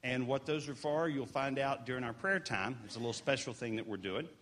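A man's voice: mid-range voice, fairly quick, a bit bright. Guy up front doing church announcements, earnest, encouraging, chatty little asides, mid voice. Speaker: church lay leader giving announcements. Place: church sanctuary during a service.

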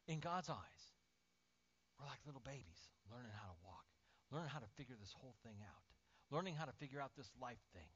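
A male pastor preaching a lively sermon, swinging from loud, acted-out outbursts to near-whispers. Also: mid-range voice, brisk, breathy edge. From Indiana, USA. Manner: animated, acts out voices and swings from shouting to near-whisper. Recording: dull lo-fi sermon audio.

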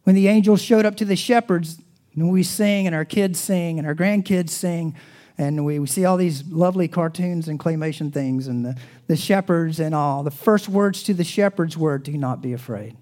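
A man preaching a sermon as pastor, swinging from loud emphasis to hushed, almost whispered lines, and closing in soft, reverent prayer. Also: a little high, normal speed.

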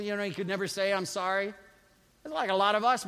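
A man preaching a sermon as a pastor, calling on the congregation to repeat after him and swinging from quiet asides to shouted emphasis. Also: high-pitched, fairly even intonation, fast talker, smooth. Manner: preaching with call-and-response to the congregation. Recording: long reverb of a large hall.

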